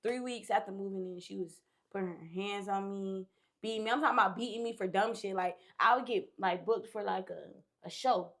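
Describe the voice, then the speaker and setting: A woman's voice: mid-range voice, fairly quick, a bit bright. A young woman chats as a podcast guest, telling a personal story in a loose, casual way. She is candid and swears freely. She slips into other people's voices as she quotes them.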